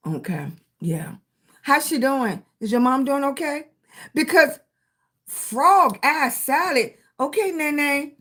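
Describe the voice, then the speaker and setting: A middle-aged woman with a Southern accent hosting a casual live stream, greeting her viewers by name with endearments and encouraging them to keep going. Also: high-pitched. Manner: warm greetings to chat viewers, with terms of endearment; encouraging, motivational. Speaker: livestream host.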